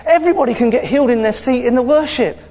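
Male preacher with a high voice, chatty and animated, recorded with long hall reverb. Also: fast talker. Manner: lively, conversational preaching with frequent hallelujahs. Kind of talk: sermon. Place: church hall.

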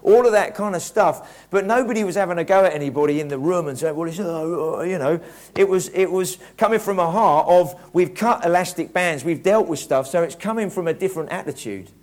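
A man's voice: high voice, fairly quick, darkish tone. A man preaching a conversational, reflective sermon, often restarting his sentences. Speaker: pastor.

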